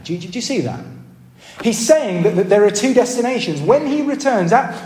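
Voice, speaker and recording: A man's voice: high voice, very animated, moderate pace, pauses often, a little mellow. A man preaching a sermon, earnest and questioning, often checking in with the congregation. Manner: earnest, asks the congregation questions, repeats words when restarting. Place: church hall. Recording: roomy hall reverb.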